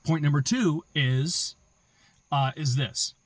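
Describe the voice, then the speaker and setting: A man's voice: on the high side, slow pace, no room sound. Male host, emphatic opinion monologue, repeats his points, dry close sound. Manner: emphatic, repetitive, building arguments with rhetorical questions. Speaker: political commentary host.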